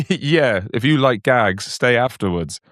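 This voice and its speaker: A man's voice: medium pitch, animated, slow pace, fairly bright tone, no room sound, clean studio sound. A man co-hosting a comedy podcast, telling stories from gigs in a laid-back, wry way. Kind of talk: casual comedy chat.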